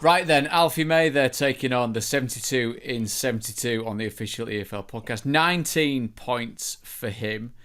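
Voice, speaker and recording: A man of middling pitch hosts a football podcast. He keeps things moving briskly, leading into segments with light banter. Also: fairly bright tone, clear, resonant tone. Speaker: podcast host. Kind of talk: casual football chat.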